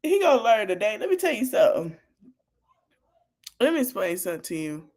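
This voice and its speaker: A woman hosting a podcast, talking to her audience in an animated, casual way about politics and laughing often. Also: medium pitch, a little fast, pauses often. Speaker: podcast host.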